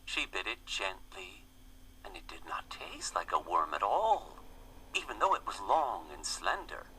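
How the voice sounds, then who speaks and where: A man reading a children's fable aloud in a gentle, expressive storybook manner. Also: lowish voice, a little slow, slight background noise, low-quality recording.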